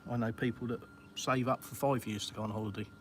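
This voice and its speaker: A man's voice: medium pitch, fast talker, very noisy. Chatty Englishman streaming from his pool. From England. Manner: chatty and relaxed, British slang, many fillers. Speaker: vlogger answering viewers live. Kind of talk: casual live-stream chat. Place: outdoors by a home swimming pool.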